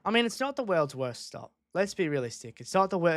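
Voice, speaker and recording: A man's voice: fairly high pitch, big pitch swings, fairly quick, fairly bright tone, no room sound. A man streaming a live race watchalong from a home desk microphone, chatting casually and repeating himself as he reacts to each moment.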